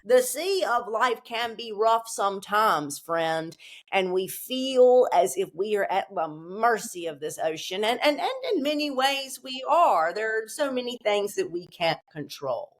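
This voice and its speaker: A woman's voice: mid-range voice, animated, measured pace. A woman being interviewed, talking casually with emphatic, profane, streetwise delivery. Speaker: interview guest.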